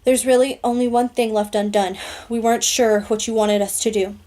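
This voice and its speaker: A woman voicing a calm, practical teenage girl who speaks quietly and matter-of-factly. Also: on the high side, a little fast, close to an everyday voice. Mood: concerned.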